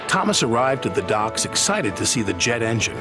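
A man narrating a children's story in a lively, expressive reading, with loud music underneath. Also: lowish voice, brisk.

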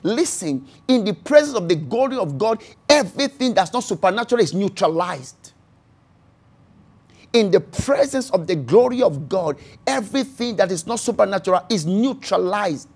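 A preacher delivering a sermon in a mid-pitched voice. The delivery is theatrical, with dialogue from scripture acted out and key phrases said again and again. Loud, pushing bursts give way to quiet, hushed lines. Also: big pitch swings, normal speed, breathy edge. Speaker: pastor.

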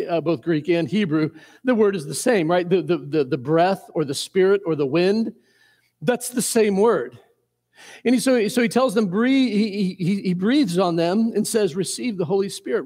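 A fairly high-pitched male pastor from Indiana delivering a sermon, earnest, stumbling over repeated words as he builds his points. His voice rings with a long reverb through a church sanctuary. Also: a little mellow. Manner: earnest, repeats words and restarts often, chuckles at himself.

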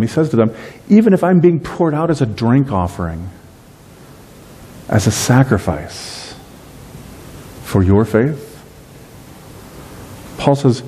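A middle-aged man preaching a sermon as pastor, lively in delivery and slowing down to stress key phrases. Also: lowish voice, a little hiss or hum. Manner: dynamic preaching, slows on key phrases, acts out everyday voices.

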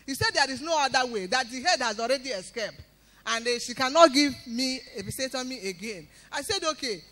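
A woman giving an emphatic spoken testimony in church, breaking into loud praise. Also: high-pitched, animated, brisk.

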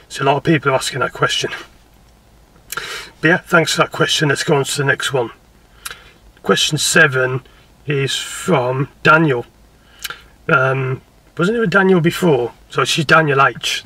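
A man's voice: medium pitch, pushed and bright, breathy edge, far from the mic. A man, a driving instructor, answering viewer questions in a rambling, chatty, self-deprecating way, with an English accent between posh southern and Birmingham. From England. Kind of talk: casual Q&A to camera.

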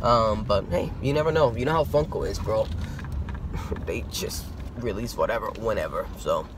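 A man chatting in a casual vlog, rambling and excitable, with lots of fillers. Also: fairly low pitch, normal speed, noisy background. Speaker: vlogger. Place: outdoors and in a car around shops.

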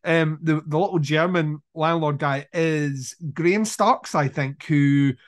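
A man's voice: fairly high pitch, takes it slowly. A man co-hosting a podcast, eagerly retelling movie scenes in casual, profane chat with laughs and restarts. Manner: animated retelling of scenes, frequent swearing; many fillers and restarts, laughs while talking. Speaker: podcast co-host. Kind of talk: casual film discussion.

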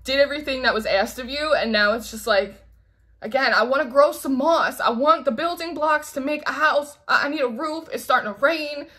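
A woman talks through a tarot reading in a loose, chatty way. She acts out quoted voices and laughs often. Her voice is bright and sits a little high. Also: fairly quick. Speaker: tarot reader. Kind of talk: casual spoken tarot reading.

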